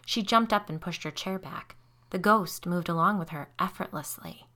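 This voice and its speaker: Bright-voiced woman narrating a ghost story. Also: fairly low pitch, moderate pace. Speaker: podcast host and narrator. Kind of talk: first-person story narration.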